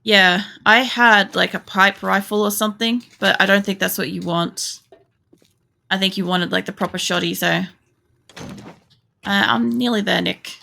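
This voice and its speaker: A woman's voice: medium pitch, fairly even intonation, normal speed, creaky, pushed and bright. A woman chatting casually and swearing freely while streaming a game. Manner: rambling and sweary, lots of fillers. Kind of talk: casual chat while gaming.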